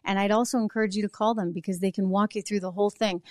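A woman's voice: medium pitch, fairly even intonation, fast talker, few pauses, darkish tone, dry recording, clean studio sound. Emphatic woman political show host. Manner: emphatic, rhetorical asides. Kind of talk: political commentary monologue.

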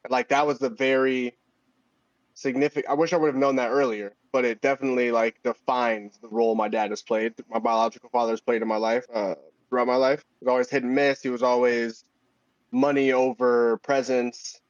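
A man's voice: mid-range voice, flat delivery, fairly quick, no echo. Man speaking candidly, dull dry sound. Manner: candid, reflective. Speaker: podcast guest. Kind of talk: casual conversation.

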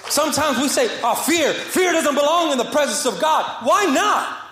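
A young man with a high voice preaches to his congregation in a reverberant church room. He repeats key phrases with fervor, then pulls back into soft, intimate passages. His words carry a long, roomy echo. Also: expressive, normal speed. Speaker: pastor. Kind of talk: sermon.

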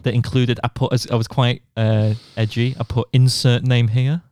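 A man's voice: mid-range voice, little pitch movement, normal speed, darkish tone, no echo, studio quality. Laughing, self-mocking young man. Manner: self-deprecating storytelling, laughs often. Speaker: podcast co-host. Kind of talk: casual chat.

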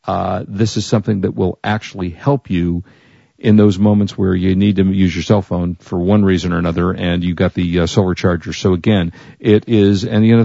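A man's voice: lowish voice, vocal fry, mellow, no echo, muffled recording. A man hosting a technology radio show, talking casually in a rambling, chatty way and correcting himself as he goes. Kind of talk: casual tech radio talk.

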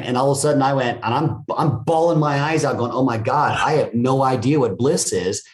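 Energetic middle-aged man, roomy echo. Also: medium pitch. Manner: energetic storyteller, casual swearing. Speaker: guest, business coach. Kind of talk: podcast interview.

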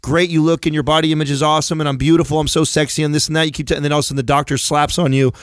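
A man co-hosting a podcast, talking in an animated way in casual chat and swearing freely. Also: on the high side, rapid-fire, clear, resonant tone, dry recording, clean studio sound. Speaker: podcast co-host.

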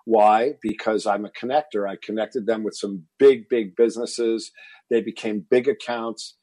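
A man in his fifties from Texas, telling a personal story as a guest in an interview, animated and getting louder as he relives the moment. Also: lowish voice, normal speed, no room sound, poor audio. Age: 50s. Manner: animated storyteller, rises to shouting when reliving anger. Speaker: fitness entrepreneur guest.

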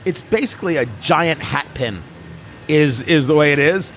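This man's voice sits on the high side and moves at a moderate pace, with a little background noise. He hosts an opinionated political talk show, animated and emphatic, tossing in mocking asides.

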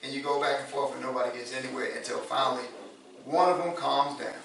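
A man preaching a sermon in a relaxed, conversational way, repeating words and rising to loud emphasis. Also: mid-range voice, fast, gravelly, slight background noise. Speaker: pastor. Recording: echoey room from far off.

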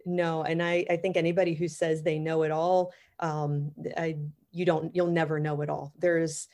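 A woman in her thirties from Florida, USA, appears as a guest in a casual interview. She's an underwater cameraman and technical diver who talks enthusiastically with fillers and restarts. Her voice is low-pitched and a little mellow, with little pitch movement and a normal pace.

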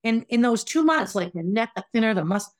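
A woman's voice: on the high side, lively intonation, a little fast, dry recording. A middle-aged woman hosting a podcast, telling her own story in a candid, conversational way and acting out what people said. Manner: candid and conversational, acts out quoted voices. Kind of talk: personal storytelling monologue.

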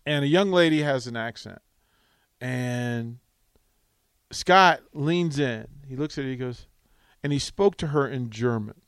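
A man hosting a sports radio talk show, telling a rambling, animated anecdote with restarts into a studio mic. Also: medium pitch, measured pace, clean tone, dry recording.

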